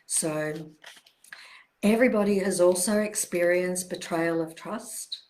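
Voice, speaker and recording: An older woman hosting a live question-and-answer stream, speaking in a gentle, reassuring way with soft pauses and repeated phrases. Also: on the low side. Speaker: self-help author hosting a live Q&A.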